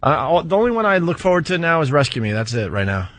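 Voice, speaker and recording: A man's voice: on the high side, big pitch swings, fast, a bit bright. A man hosting a radio talk show in a laid-back way, running the segment and calling for clips. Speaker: radio host.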